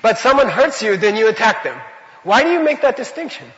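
A man's voice: very high voice, sing-song, fairly quick, fairly bright tone, in a large hall, muffled recording. A man teaching a Buddhist class in a loose, conversational way, full of rhetorical questions and repeated phrases.

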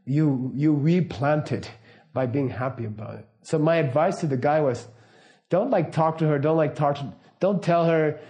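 A middle-aged man giving a casual, anecdotal teaching talk, relaxed and laughing often. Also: fairly high pitch, normal speed. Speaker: Buddhist teacher.

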